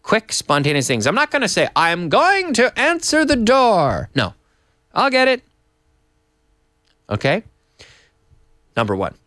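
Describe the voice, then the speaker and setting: A man, a native English speaker, teaching an English lesson live and reading viewer messages aloud with animated energy. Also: mid-range voice, dry recording, studio quality. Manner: lively, animated, reads viewer comments aloud. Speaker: English teacher and radio host.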